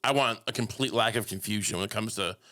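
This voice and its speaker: A man co-hosting a comedy podcast, talking in deadpan, rambling bits full of restarts. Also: on the low side, fast talker. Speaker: podcast co-host. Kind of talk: casual comedic podcast banter.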